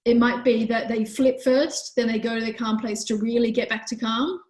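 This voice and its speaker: A woman hosting a live online parenting workshop who answers questions in a gentle, calm, explanatory way. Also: fairly high pitch, normal speed, roomy sound, poor audio. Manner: gentle, calm, explanatory, with frequent "you know".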